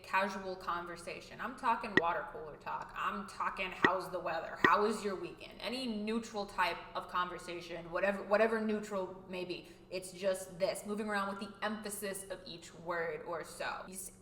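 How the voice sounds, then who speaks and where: A young woman talking to camera in a casual vlog, animated and expressive, going from loud to quiet. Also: mid-range voice, moderate pace, few pauses, roomy sound, a little hiss or hum. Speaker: vlogger.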